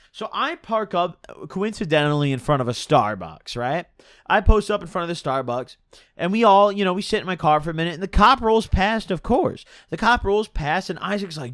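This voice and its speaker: A young man spins a rambling, slangy story, his pitch bouncing up and down as he goes. His voice sits a touch high for a man. The sound is dry and close, with no room echo. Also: expressive, a little fast, a bit bright. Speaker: streamer. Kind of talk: casual storytime.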